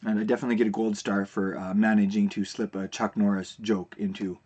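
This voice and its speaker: A man teaching a recorded video lesson, explaining terms in a relaxed way with frequent fillers and restarts. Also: lowish voice, brisk, slightly rough.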